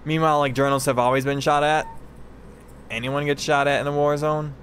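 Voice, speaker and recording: A man's voice: on the high side, fairly even intonation, brisk, a bit bright, a little hiss or hum. A man ranting incredulously and sarcastically while reacting to news clips, exasperated and mocking.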